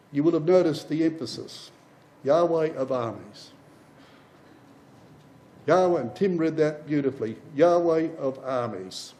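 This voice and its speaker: A man's voice: fairly high pitch, darkish tone, poor audio. A man giving a Bible class as a sermon, speaking with passion, building up through repeated phrases and addressing his listeners as brothers and sisters.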